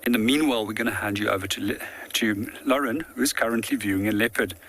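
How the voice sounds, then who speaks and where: A man safari guide explaining wildlife facts in steady live commentary from an open game-drive vehicle. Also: fairly low pitch, fast.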